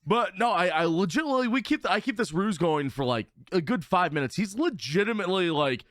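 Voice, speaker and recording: A man's voice: high-pitched, brisk, no room sound, studio quality. A man co-hosting a casual podcast, telling stories with energy and acting out his friends' lines. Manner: animated storytelling, voices friends in quotes. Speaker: podcast co-host.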